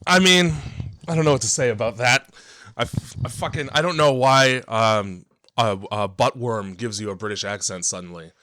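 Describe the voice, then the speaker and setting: A man's voice: medium pitch, moderate pace, pushed and bright, no room sound, studio quality. A man co-hosting a casual horror movie podcast, wry and profane, laughing easily. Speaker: podcast co-host.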